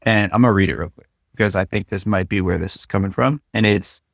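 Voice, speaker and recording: Joking low-voiced man co-hosting a podcast. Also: fast, gravelly, no echo, clean studio sound. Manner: joking, storytelling, loose and conversational. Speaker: podcast co-host. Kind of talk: casual podcast conversation.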